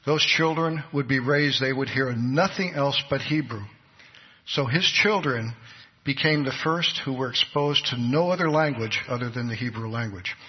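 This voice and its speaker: A man's voice: mid-range voice, moderate pace, slightly rough. A man preaching a sermon, telling a story with earnest delivery and acting out the people in it. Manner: earnest storytelling, voices the people in his stories. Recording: dull recording with long hall reverb.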